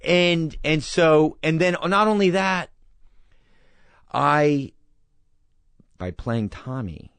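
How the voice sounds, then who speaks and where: A man's voice: fairly high pitch, lively intonation, very slow, pauses often, fairly bright tone, smooth, dry recording. A man in his thirties, a guest in a casual interview, talking earnestly and reflectively and telling stories with quoted dialogue.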